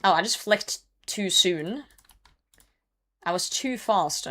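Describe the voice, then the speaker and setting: A woman's voice: medium pitch, expressive, takes it slowly, a bit bright. Woman streamer chatting with her chat. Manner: reads chat messages aloud and answers them, laughs often. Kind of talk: casual gaming livestream chat.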